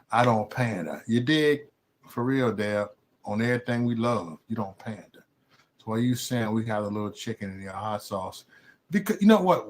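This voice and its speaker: A man from Chicago hosts a live stream in a profane, comedic rant. His voice moves in wide, lively swings of pitch. He drops to low mutters, then bursts into loud yelling.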